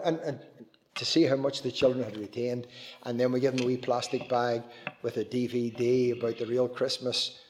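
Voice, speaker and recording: Animated Northern Irish man preaching. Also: medium pitch, normal speed. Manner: animated, acts out voices in his stories. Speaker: evangelist reporting to a church audience. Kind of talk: storytelling talk with preaching.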